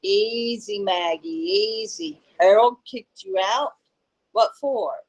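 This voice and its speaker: A woman's voice: mid-range voice, wildly swooping pitch, slow, creaky, full character voice, low-quality recording. Nervous angry man, clipped and hissing, read by a woman doing the book's voices. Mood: tense angry.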